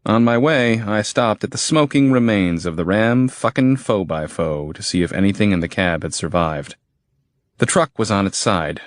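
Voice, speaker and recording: Low-voiced man narrating a horror audiobook. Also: lively intonation, normal speed, dry recording, clean studio sound.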